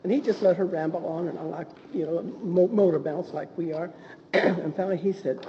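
A woman sharing a personal faith story in conversation, halting with restarts. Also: lowish voice. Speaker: co-host or guest. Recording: dull, roomy lo-fi with faint hiss.

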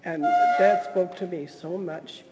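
A woman guest sharing a personal faith story, earnest and halting, with frequent restarts. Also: lowish voice, wildly swooping pitch, long reverb tail, muffled recording, heavy background noise.

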